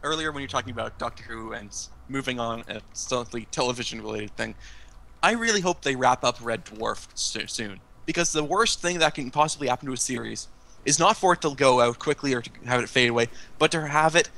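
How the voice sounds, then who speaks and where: Man, sharp bright tone, dry jokes, casual stream talk. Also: mid-range voice, a little fast, vocal fry, poor audio. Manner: wry, joking asides. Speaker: stream co-host. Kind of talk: casual livestream chat.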